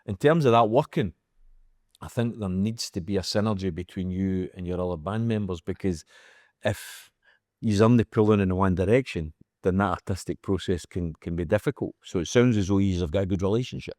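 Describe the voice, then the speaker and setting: A man's voice: sits low, brisk, darkish tone, no room sound, studio quality. A man interviewing a band member, speaking in a thoughtful, reflective way. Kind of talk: casual interview.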